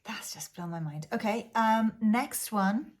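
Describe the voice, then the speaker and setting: A woman's voice: medium pitch, unhurried, a little mellow. A Welsh woman, a native Welsh speaker, casually teaching Welsh phrases in a chatty vlog, thinking aloud with many fillers and restarts. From Wales. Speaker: language teacher.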